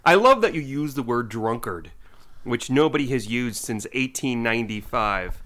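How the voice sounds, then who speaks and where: A man's voice: mid-range voice, animated, normal speed, fairly bright tone. A man co-hosting a podcast in casual chat, teasing and joking with his co-host. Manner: teasing, playful, keeps joking and apologizing.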